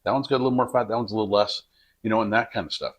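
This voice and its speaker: A man's voice: lowish voice, fairly even intonation, racing. A man hosting a home cooking vlog, chatting in a rambling, jokey way while he works in his kitchen. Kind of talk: casual cooking vlog chat. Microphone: camera on a tripod.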